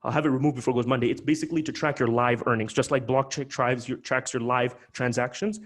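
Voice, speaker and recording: A man hosting a live webinar, talking in an animated, emphatic way with many quick restarts. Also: medium pitch. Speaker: webinar host.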